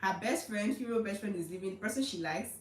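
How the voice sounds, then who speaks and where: A woman's voice: medium pitch, lively intonation, quick pace, echoey room, recorded from a distance, slight background noise, rough recording. A young Nigerian woman chatting casually and recapping reality show drama in a gossipy, filler-heavy way. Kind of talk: casual commentary.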